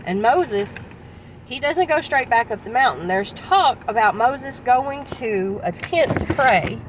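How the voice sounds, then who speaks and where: A woman's voice: a little high, lively intonation, slow pace, recorded from a distance, background noise. A woman evangelist retelling a Bible story in a casual, conversational way, with restarts and asides.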